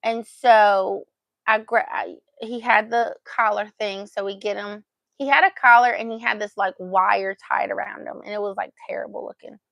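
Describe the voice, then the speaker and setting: A woman's voice: medium pitch, steady tone, moderate pace, gravelly, a bit bright, no room sound. A woman vlogger telling a story in a casual, chatty way and acting out what she said at the time. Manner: chatty, acts out her own past remarks.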